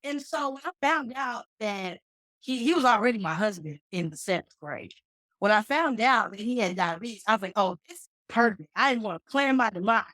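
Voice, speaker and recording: A woman's voice: a little high, a little fast, no echo, rough recording. Joking woman in her thirties from Dallas. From Dallas, Texas. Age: 30s. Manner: joking, animated storyteller with playful asides. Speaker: guest, comedian and flight attendant. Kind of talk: casual storytelling interview. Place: remote call.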